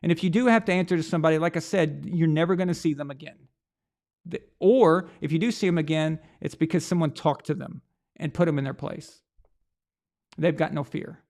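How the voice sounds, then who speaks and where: A sports show host rants about coaching in a blunt, profane way. His voice sits a little high and carries a gravelly fry. He keeps hammering the same point with angry rhetorical questions. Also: brisk, darkish tone. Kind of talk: opinionated sports commentary rant.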